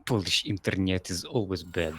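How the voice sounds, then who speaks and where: A man hosting and casting an esports tournament in a playful, rambling way, with booming ring-announcer introductions. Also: fairly even intonation, normal speed, fairly bright tone, slight background noise. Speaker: tournament host and caster.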